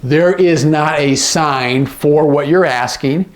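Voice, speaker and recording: A man teaching sign language phrases, patiently repeating each phrase and often checking in with the viewer. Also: a little high. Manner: repeats phrases slowly, gloss by gloss. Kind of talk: instructional explanation.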